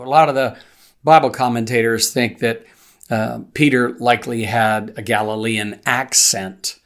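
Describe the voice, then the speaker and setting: Pastor, man, mid-pitched voice, unhurried expository sermon with plain talk and scripture readings. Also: fairly even intonation, fairly bright tone. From United States. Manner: conversational teaching, reads scripture aloud with pauses and fillers.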